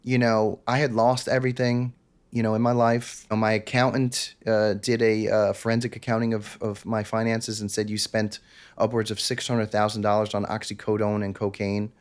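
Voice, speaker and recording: A man's voice: fairly low pitch, flat delivery, normal speed, clean tone. A man, telling a candid personal story as a podcast guest and acting out quoted lines. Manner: intense, confessional, acts out quotes.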